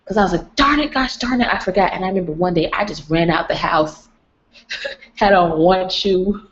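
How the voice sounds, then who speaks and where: A woman's voice: on the low side, moderate pace. A young woman chatting on a livestream, rambling and folksy. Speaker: vlogger. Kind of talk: casual livestream chat. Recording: lo-fi livestream audio.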